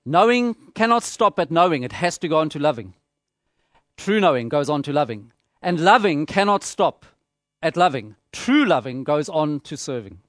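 A man preaching a sermon, measured and emphatic, repeating phrases for rhetorical effect. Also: fairly high pitch, big pitch swings, a bit bright, no echo, clean studio sound.

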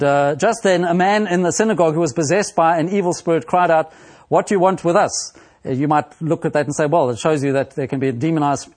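Male preacher, slightly high voice, deliberate expository sermon delivery, pauses often. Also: darkish tone. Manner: slow and deliberate, with frequent pauses and fillers.

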